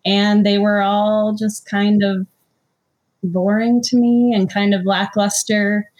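A woman's voice: medium pitch, little pitch movement, slow, a little mellow, dull audio. A woman author being interviewed, answering modestly and hesitantly, with many fillers. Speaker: author, guest.

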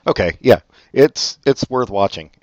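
A man co-hosting a casual podcast chat, sarcastic and teasing, often trailing off quietly. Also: lowish voice, animated, measured pace, no echo. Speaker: podcast co-host. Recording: dull lo-fi audio.

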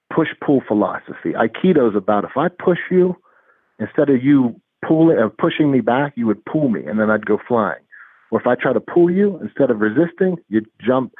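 A man's voice: medium pitch, brisk, husky, no room sound. A man talking earnestly in an interview and acting out dialogue as he tells a story. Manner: earnest, animated, acts out dialogue in retelling. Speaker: guest, anger management specialist. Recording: tinny phone line.

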